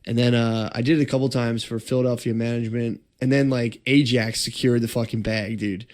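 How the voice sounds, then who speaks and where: A man's voice: mid-range voice, fairly even intonation, fairly quick, a little mellow. A young man co-hosting a podcast, telling a rambling, profane story and laughing through it. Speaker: podcast co-host. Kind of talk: casual storytelling chat.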